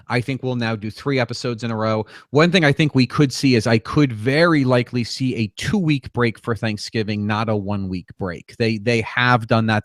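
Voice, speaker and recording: A man's voice: mid-range voice, no room sound, studio quality. Analytical man co-hosting a podcast. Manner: thinks aloud, many restarts, analytical. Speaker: podcast co-host. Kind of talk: casual podcast chat.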